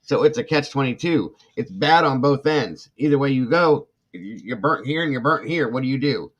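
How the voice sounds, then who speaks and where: A man's voice: mid-range voice, animated, moderate pace. A middle-aged man hosting a true crime livestream, ranting with indignant passion, reading comments from chat and apologizing between outbursts. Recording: dull lo-fi sound.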